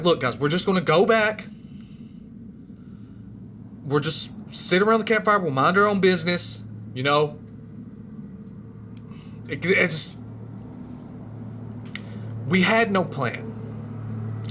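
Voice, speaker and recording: A man's voice: high voice, slow, long pauses, slight background noise. A man telling a true scary story in a casual, rambling way, his voice rising and dropping for suspense. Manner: animated, rambling, voice rises and drops with suspense.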